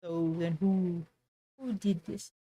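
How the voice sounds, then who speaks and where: A woman's voice: lowish voice, steady tone, slow, mellow. A woman streamer chatting casually and sarcastically, often trailing off and restarting her sentences. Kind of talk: casual livestream chat.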